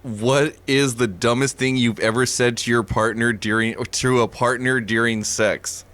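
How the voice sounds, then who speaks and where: A man's voice: mid-range voice, steady tone, measured pace, a bit bright. A man co-hosting a podcast in casual chat, making crude jokes and laughing often. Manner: crude joking, frequent laughter. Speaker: podcast co-host.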